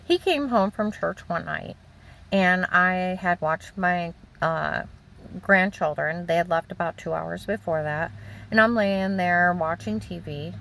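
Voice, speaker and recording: A woman's voice: lowish voice, vocal fry, a bit bright, a little hiss or hum. An older woman giving a rambling, emotional personal testimony about her own life. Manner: rambling, emotional, halting storytelling.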